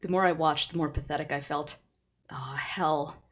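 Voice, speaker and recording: Chatty woman streamer, lowish voice. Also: steady tone, fast talker. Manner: chatty, laughs often, answers chat. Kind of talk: reading a light novel aloud on stream.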